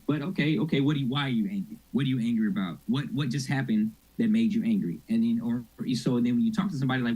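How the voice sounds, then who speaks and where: Husky man teaching a church workshop. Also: mid-range voice, animated, fast, dark tone, rough recording. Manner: conversational, informal, asks audience questions. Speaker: mental health ministry speaker.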